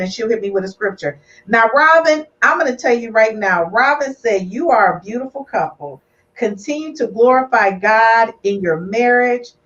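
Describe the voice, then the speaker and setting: A woman hosting a live podcast, who drives her points home with emphatic, preachy repetition. Her voice sits fairly high and comes across a little far from the mic, with a somewhat dull, muffled tone. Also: a bit bright. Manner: emphatic, preachy, repeats "do you hear me" and "I'm gonna tell you right now". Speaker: podcast host. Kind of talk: casual live podcast chat. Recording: distant, slightly muffled sound.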